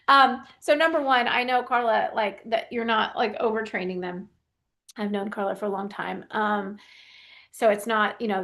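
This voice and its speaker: A woman's voice: medium pitch, creaky, fairly bright tone. A woman coach giving casual advice about young athletes. She talks in a chatty, loose way, full of "like" and "you know", and often acts out the kids she describes. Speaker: youth sports performance coach. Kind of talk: casual advice talk, answering a question.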